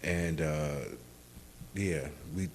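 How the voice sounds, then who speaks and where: A very deep-voiced man co-hosts a casual podcast and spins long stories full of ums and likes. A faint hum sits under the recording. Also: drawn-out words, poor audio. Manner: relaxed storytelling, many fillers. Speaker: podcast co-host. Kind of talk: casual chat.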